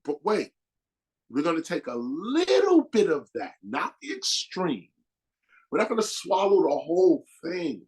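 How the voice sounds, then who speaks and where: A man's voice: high voice, darkish tone, slightly rough. A man giving a live motivational talk to a crowd. He speaks in an emphatic, preacherly way, uses slang and acts out the people he quotes. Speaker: guest speaker.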